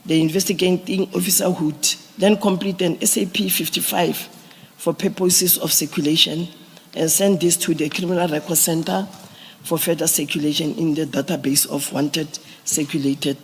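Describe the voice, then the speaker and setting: A man giving formal testimony to a commission, explaining police procedure step by step with halting restarts. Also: on the high side, steady tone, slightly rough. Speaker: police witness at a commission hearing. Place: large hearing room. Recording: echoey hearing room.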